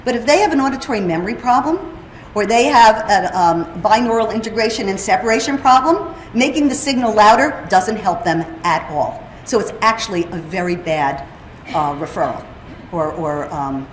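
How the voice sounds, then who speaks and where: A woman's voice: mid-range voice, moderate pace, a little hiss or hum. A woman giving a conference presentation, explaining her topic and putting questions to the audience. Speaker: presenter on hearing and speech. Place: conference room. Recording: roomy hall with faint ambience.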